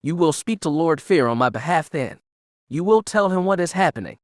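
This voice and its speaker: A man's voice: a little high, animated, a little fast, no echo, clean studio sound, voice pushed up, close to an everyday voice. A man reading an audiobook, voicing an arrogant, ambitious male magistrate who talks in a self-important, aggrieved manner. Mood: wary.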